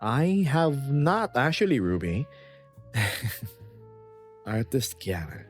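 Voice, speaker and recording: A man's voice: mid-range voice, very animated, slow, faint music behind. A man from the United States chatting casually on a livestream, rambling playfully and reading chat messages aloud. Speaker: VRChat streamer.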